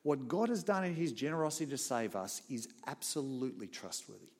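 A man preaching a sermon in a church. His voice sits at a middle pitch. He is emphatic, dropping to soft, low asides and then rising into loud, pressing points. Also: very animated, brisk.

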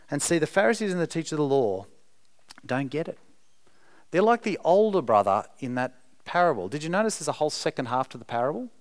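Male preacher, lively melodic delivery, emphatic and earnest. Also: mid-range voice. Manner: earnest, emphatic, speaks to the congregation directly. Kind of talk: sermon.

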